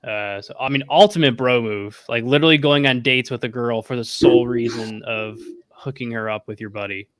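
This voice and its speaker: A man co-hosting a laid-back anime review podcast, his voice bright and forward, dry and close with no room sound. He rambles through plot summaries, restarting sentences and leaning on fillers. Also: mid-range voice, brisk, few pauses, no echo. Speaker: podcast co-host. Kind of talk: casual anime review chat.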